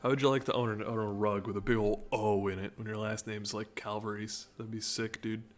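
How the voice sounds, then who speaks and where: A gaming video commentator with a fairly low voice and flat delivery gives casual let's-play commentary at a fairly quick clip. He rambles, jokes and breaks off his own sentences.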